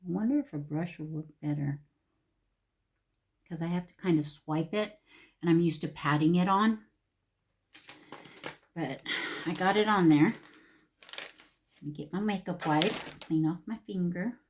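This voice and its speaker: A woman's voice: lowish voice, a little slow, pauses often. A middle-aged woman, chatting animatedly and full of fillers while she does her makeup for a get-ready-with-me video. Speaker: beauty vlogger.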